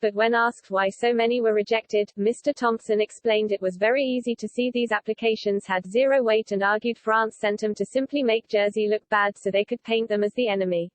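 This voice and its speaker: A woman narrating a news article in a steady, even reading voice. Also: on the high side, brisk, few pauses, dry recording.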